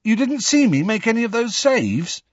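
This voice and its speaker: A man reading an audiobook voices a blunt, excitable teenage boy who speaks with indignation and disbelief. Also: on the high side, measured pace, husky, dry recording, highs cut off, pitched above the performer's own voice, full character voice. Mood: hurt, incredulous. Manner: blunt, incredulous.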